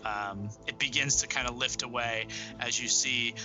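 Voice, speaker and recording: A man narrating a tabletop game as game master, describing scenes in a halting way full of fillers. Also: medium pitch, steady tone, over music, rough recording.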